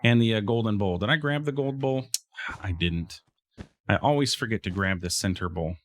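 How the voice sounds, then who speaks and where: Fairly low-pitched and moderately paced, a let's play host casually talks through his gameplay. He chats to the mobs and drifts into frequent fillers and restarts.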